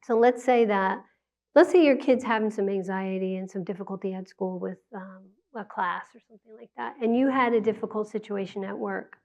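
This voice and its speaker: Gravelly-voiced woman giving a parenting talk. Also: medium pitch, fairly quick, darkish tone. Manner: conversational, acts out parent and child quotes, laughs often. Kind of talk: public talk to an audience. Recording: dull lo-fi sound.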